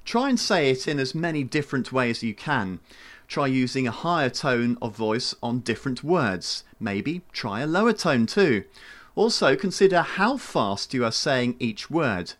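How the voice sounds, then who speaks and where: A man talks through a scripted voice lesson in a measured, instructive way. His pitch moves a lot as he demonstrates how tone changes meaning. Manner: measured, demonstrative, shifts tone to show examples. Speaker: voice coach.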